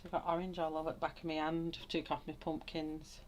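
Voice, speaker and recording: A woman's voice: deep voice, level tone, quick pace, slight background noise. A woman hosting a live colouring tutorial, thinking aloud as she works and greeting viewers in the chat with frequent laughs. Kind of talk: live colouring demonstration, chatty.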